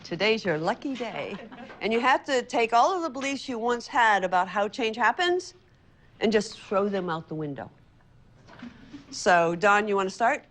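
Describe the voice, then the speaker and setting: A woman's voice: mid-range voice, lively intonation, moderate pace, fairly bright tone, slight background noise. A woman speaking as a community organizer, direct and encouraging as she coaches. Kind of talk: interview and workshop talk.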